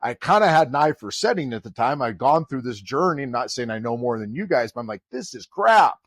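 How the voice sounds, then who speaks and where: A man's voice: mid-range voice, fast talker, dry recording, studio quality. A middle-aged man, a college volleyball head coach, telling a story in a podcast conversation and acting out the people he quotes. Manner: animated storyteller who acts out quoted dialogue.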